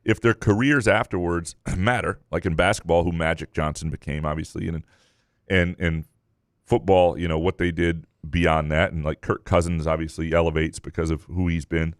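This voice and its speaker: A man co-hosting a sports podcast as a columnist, talking in a measured, analytical way and weighing each point out loud. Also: deep voice, steady tone, no echo, studio quality. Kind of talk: casual sports chat.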